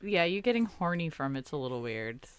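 Low, swinging-voiced blunt woman. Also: big pitch swings, clean tone, no room sound. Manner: blunt and crude, quick jokes. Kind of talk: casual podcast chat.

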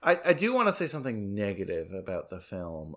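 A man's voice: on the low side, fairly quick. Joking young man reviewing films. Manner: relaxed, joking, filler-heavy. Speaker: podcast co-host. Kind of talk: casual film review chat.

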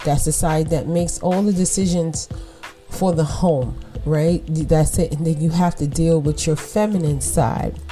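A woman's voice: low-pitched, steady tone, a little slow, dark tone, soft background music. A woman and mother hosting a casual motivational podcast, speaking with emphasis, repeating words for stress and often laughing.

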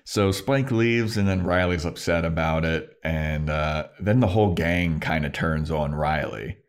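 A man co-hosting a podcast, casually recapping a TV episode and swearing as he acts out the characters' lines. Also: rumbling low. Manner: retells scenes with quick voiced impressions and swearing. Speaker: podcast co-host.

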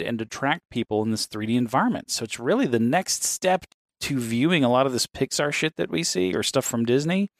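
A man's voice: mid-range voice, no room sound, studio quality. A man co-hosting a casual chat, rambling and swearing freely, often laughing between points.

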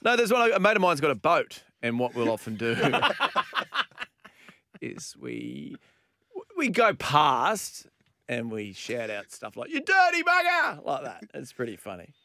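A man's voice: medium pitch, measured pace, vocal fry, dry recording. An Australian man co-hosting a radio show, telling stories in casual banter and laughing often. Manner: animated storyteller, laughs often. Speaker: radio co-host.

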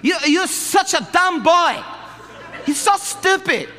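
A man voicing a mother who yells insults at her young son in a shrill, drawn-out voice. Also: lively intonation, in a large hall, some chatter behind, full character voice. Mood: scolding.

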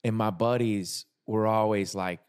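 A man hosting a podcast, chatting casually with a guest and telling stories, sinking into a low confiding tone for anecdotes. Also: fairly even intonation, measured pace, darkish tone, clean tone, no echo, clean studio sound. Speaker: podcast host. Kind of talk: casual chat and storytelling.

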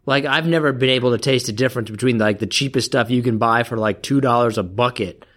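A man's voice: medium pitch, quick pace, a bit bright. A man co-hosting a podcast in casual chat, blunt and teasing. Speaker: podcast co-host.

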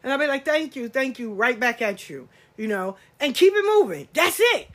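A middle-aged woman, hosting a podcast in a blunt, animated casual monologue and swearing freely. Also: high voice, moderate pace. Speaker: podcast host.

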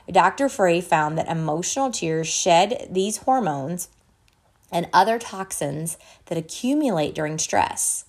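A woman podcast host reading an article aloud in a measured way, stopping now and then to correct her own slips. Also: fairly low pitch, a little mellow.

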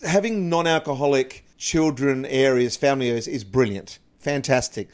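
A middle-aged Australian man chatting about cricket as a guest, an animated storyteller who jumps up into excited bursts. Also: medium pitch, normal speed. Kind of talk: casual cricket chat.

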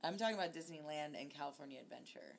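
A woman's voice: low-pitched, expressive, fast, creaky, slight background noise. A woman co-hosting a podcast, chatting bluntly and teasing, with casual swearing. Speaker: podcast co-host. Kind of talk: casual chat.

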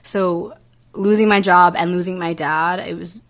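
A young woman speaking as an interview guest in a fairly low voice, earnest and halting. She restarts often and leans on fillers as she tells a personal story. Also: fairly even intonation.

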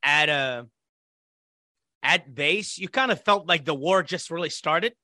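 Somewhat high and a little slow, a man from Iraq recounts a story as a podcast interview guest, keeping it casual and animated and acting out quoted voices. The sound is clean studio audio with no echo.

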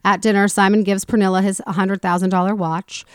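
A woman hosting a casual talk show, retelling a story in an animated way and acting out the people in it. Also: medium pitch, a little fast, smooth, no echo, clean studio sound. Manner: animated retelling, acts out quoted people with swearing. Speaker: podcast host.

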